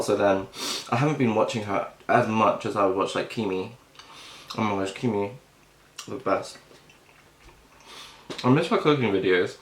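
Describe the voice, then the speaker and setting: A young man chatting casually on a mukbang video as he eats, rambling with plenty of fillers and talking with his mouth full. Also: fairly low pitch. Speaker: mukbang vlogger. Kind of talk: casual chat while eating. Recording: echoey room.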